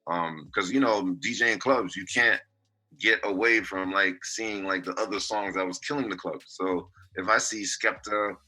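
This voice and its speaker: New dj guy, low and really punchy, casual, swears a lot. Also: normal speed, rough recording. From New York. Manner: animated, swearing, offhand. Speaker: guest DJ. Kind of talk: casual storytelling chat.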